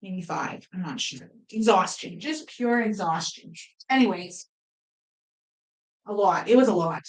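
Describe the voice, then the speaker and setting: A middle-aged woman hosting a sewing video, telling a rambling, animated story in casual chat. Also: medium pitch, unhurried, low-quality recording. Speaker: quilting video host.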